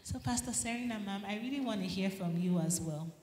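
A woman's voice: medium pitch, brisk, crowd noise. A woman hosting a church panel, affirming guests and quoting scripture. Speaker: host. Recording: echoey church hall, faint ambience.

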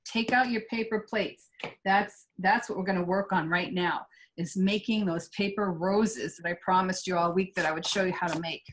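A woman's voice: fairly low pitch, steady tone, normal speed, poor audio. Woman craft teacher, live demo, loose and talkative. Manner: chatty and digressive. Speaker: art instructor. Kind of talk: live painting demonstration.

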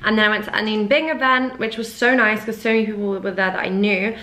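A young woman talks straight to the camera in a casual vlog, her pitch sitting in an ordinary middle range. She chats at home and gushes freely, with "like" scattered through nearly every sentence. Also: steady tone, quick pace, sharp tone, slight background noise. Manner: chatty, says "like" often, gushing. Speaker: fashion vlogger. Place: at home indoors.

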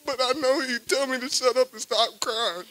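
A young man crying as he gives a halting, emotional eulogy for a friend at a memorial service. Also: very high-pitched, fairly even intonation, noisy background. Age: young adult. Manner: emotional, halting, repeats phrases.

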